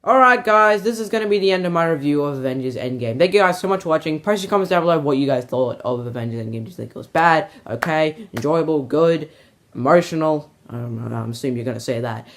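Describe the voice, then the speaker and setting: A man's voice: a little high, fast talker, fairly bright tone. A man giving a casual spoken movie review, rambling with many fillers and restarts and sounding emotional.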